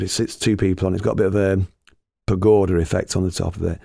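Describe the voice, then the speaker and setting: A chatty storyteller with a low, gravelly voice, rambling from one tale to the next. The recording is dry and close, with hardly any room sound. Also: male voice, steady tone, fast talker, warm tone, no echo. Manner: rambling, chatty, laughs at his own tales. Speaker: storyteller and former radio host. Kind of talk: casual anecdotal storytelling.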